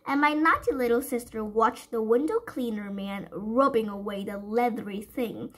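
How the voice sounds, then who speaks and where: Husky woman reading a storybook. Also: on the high side, normal speed, rough recording. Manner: gentle, sing-song, asks listeners questions. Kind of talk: reading a children's storybook aloud.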